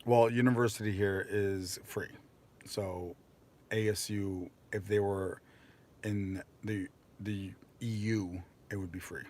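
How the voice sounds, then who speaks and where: A man's voice: fairly low pitch, fairly even intonation, slow, a little mellow. Young American man, casual live-stream host, rambling, filler-heavy, self-deprecating. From United States.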